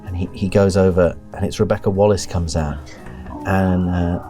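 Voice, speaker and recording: A man's voice: deep voice, fairly even intonation, normal speed, dark tone, faint music behind. A man narrating a tabletop horror game as keeper, hesitant and full of ums. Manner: hesitant, lots of ums and laughter.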